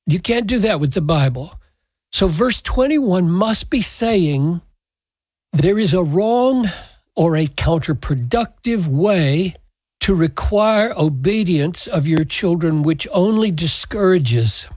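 Male preacher, husky voice, measured and emphatic sermon delivery. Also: sits high, expressive, a little mellow, dry recording, poor audio. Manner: measured, emphatic scripture exposition. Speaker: pastor.

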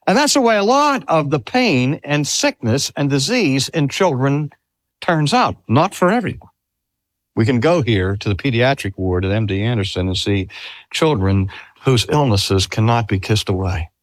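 An older man, a pastor, preaching a sermon in a slow, measured way. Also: medium pitch, no echo, studio quality. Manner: slow, measured delivery with lively rises and falls.

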